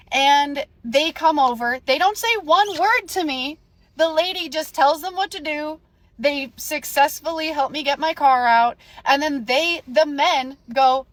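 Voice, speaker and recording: A young woman telling a story in a casual rant, animated and indignant, acting out the dialogue. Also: sits high, a little slow. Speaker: storyteller vlogger.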